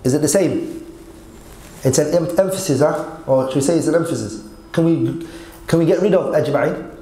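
A man's voice: a little high, fairly quick, dark tone. Male Arabic grammar teacher, echoey room. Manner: quizzes students, mixing Arabic quotes with English. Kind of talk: online lesson explaining Arabic grammar.

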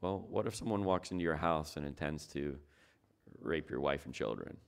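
A man's voice: very deep voice, moderate pace, creaky, clear, resonant tone. A man preaching a sermon as pastor, talking it through in a conversational way and asking his listeners rhetorical questions.

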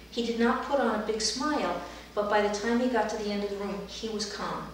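A middle-aged woman therapist recounts a therapy session in a calm, gentle storytelling manner. Her voice sits at an ordinary pitch for a woman. It carries a heavy room echo and is heard from some distance away from the mic. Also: fairly quick, few pauses, noisy background. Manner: calm, gentle storytelling, livelier when acting out children. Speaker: dance movement therapist.

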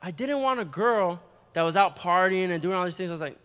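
A young adult man preaching a testimony sermon in a church, animated and storytelling, with quick asides. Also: fairly high pitch. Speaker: guest preacher giving testimony. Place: church sanctuary. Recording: long hall reverb.

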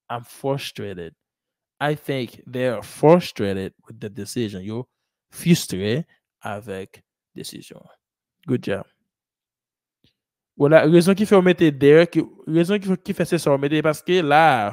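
A man's voice: medium pitch, darkish tone, dry recording. Patient man teaching in a dry room. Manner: explains in Haitian Creole and French, repeats English sentences; asks and praises students, says "ok?" and "good job". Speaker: English teacher. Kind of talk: classroom teaching.

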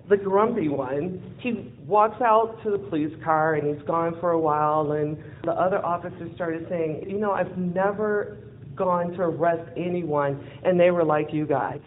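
Woman telling a lively story, tinny audio. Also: on the low side, measured pace. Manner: animated, acts out quoted dialogue, laughs often. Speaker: event speaker. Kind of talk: personal storytelling talk. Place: event venue in front of an audience. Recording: tinny phone-like lo-fi audio with faint hiss.

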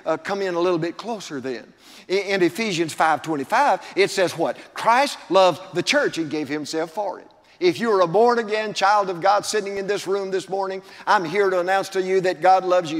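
In a church sanctuary thick with long reverb, an older man preaches a sermon as pastor, stretching out key words as his emphasis grows. He speaks at a normal speed in an expressive voice that sits high.

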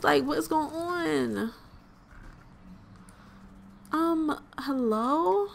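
Young woman host, casual game commentary, slightly high voice, unhurried delivery, chatty and exclamatory, talks to viewers directly. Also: expressive, fairly bright tone, slight background noise. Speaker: let's play host.

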